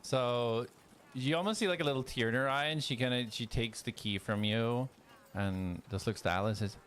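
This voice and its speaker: A game master describing a tabletop role-playing scene, loose and descriptive, with fillers like "kind of" and "like". The delivery is mid-pitched and conversational. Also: moderate pace, a bit bright, a little hiss or hum.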